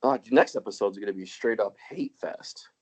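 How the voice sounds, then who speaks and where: A man's voice: on the low side, moderate pace, darkish tone. A young man co-hosting a casual podcast chat, laughing often and acting out quotes in raised voices. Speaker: podcast co-host.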